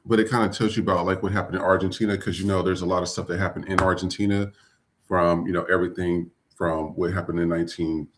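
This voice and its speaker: A man with a low, deep voice hosts a live podcast. He talks loosely and casually, with lots of fillers as he welcomes guests. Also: flat delivery, fast talker, background noise. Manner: loose, filler-heavy, chatty. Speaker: podcast host. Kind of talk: casual live-stream hosting.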